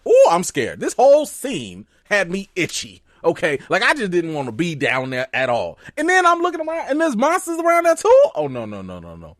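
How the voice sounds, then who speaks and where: An animated man hosts a casual TV recap, breaking into excitable, joking asides. His pitch swings widely and sits a little high. The sound is dry and close. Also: dry recording. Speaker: show recap host.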